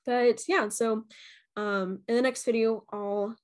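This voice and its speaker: A woman's voice: a little high, fairly even intonation, slow. A young woman telling the story of her haunted house visit in a casual vlog, chatty and full of "um" and "like". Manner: chatty, many "um" and "like", acts out quotes with voices. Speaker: vlogger reviewing a haunted house.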